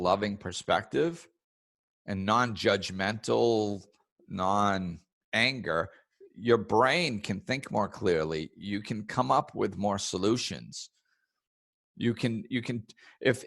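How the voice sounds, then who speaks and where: A man hosting a casual spiritual self-help podcast, talking in a relaxed way and acting out other people's words in raised voices. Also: lowish voice, unhurried, vocal fry, dry recording, studio quality. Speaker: podcast host.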